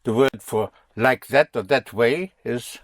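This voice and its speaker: A man's voice: medium pitch, a little slow, dry recording, studio quality. Man teaching a language lesson. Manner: patient, drilling students with questions.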